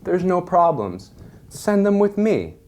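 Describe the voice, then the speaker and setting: Man quoting a smooth city slicker, soothing, reassuring, higher voice. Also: very animated, slow, darkish tone, full character voice.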